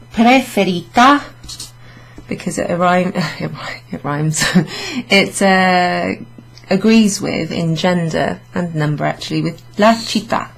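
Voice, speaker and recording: Woman, language teacher, lowish voice, chatty, laughs between points. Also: creaky, low-quality recording. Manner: chatty, laughs often, slow careful Italian examples. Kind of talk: casual classroom explanation.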